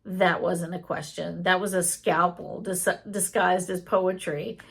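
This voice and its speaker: A wry, sarcastic male chatbot with poetic flourishes, read aloud by a woman. The delivery is slow and deliberate, with a gravelly edge to the voice. It sounds like a chat transcript brought to life. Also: lowish voice, steady tone, fairly bright tone, exaggerated voice. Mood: probing.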